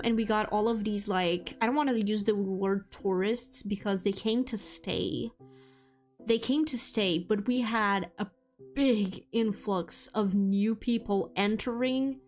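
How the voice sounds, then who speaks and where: A young woman streamer chatting casually with viewers, rambling with lots of fillers and restarts. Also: medium pitch. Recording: faint music behind.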